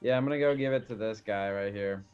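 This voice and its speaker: A man's voice: fairly low pitch, fast talker, smooth, narrow, tinny audio, soft background music. A man playing a tabletop game, casually describing his attacks. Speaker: player. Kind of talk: tabletop gaming chat.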